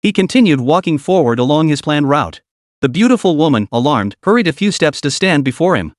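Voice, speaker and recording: Brief: male recap narrator, higher register, lively pitch, dry booth-like sound. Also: a little fast, no echo.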